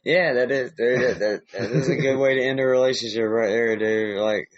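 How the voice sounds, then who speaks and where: A middle-aged podcast host with a Southern US accent chats casually, laid-back and swearing a lot. His mid-range voice moves fairly quickly, and the dry recording sounds dull and muffled.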